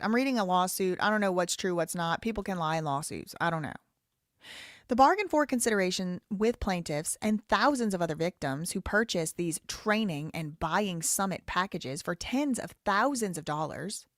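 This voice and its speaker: A woman's voice: on the low side, no echo, clean studio sound. A woman hosting a live show, reading a lawsuit aloud in a casual, rambling way, with wry asides and frequent self-corrections.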